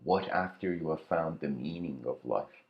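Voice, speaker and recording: Guy with a really low voice rambling through a philosophical talk, lots of "you know"s and throat clearing. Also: moderate pace, dull audio. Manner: musing, casual asides, frequent throat clearing. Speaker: lecturer. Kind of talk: reflective spoken lecture.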